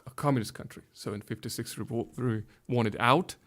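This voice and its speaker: A man's voice: medium pitch, a little fast, a bit bright. A man in his fifties from Hungary with a Hungarian accent, a pastor being interviewed who speaks carefully and often restarts while searching for English words. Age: 50s. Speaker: guest, pastor. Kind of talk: conversational interview.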